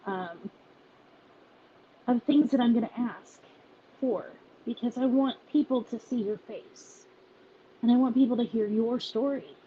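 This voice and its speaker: A woman who leads a volunteer group, speaking in a halting, emotional personal message with many restarts, close to tears. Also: on the high side, dull audio, a little hiss or hum.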